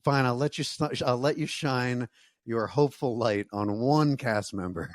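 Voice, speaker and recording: A man's voice: medium pitch, unhurried, no room sound, studio quality. A man with a New York accent, co-hosting a casual recap chat with joking, sarcastic asides and a polished voiceover delivery. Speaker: podcast co-host.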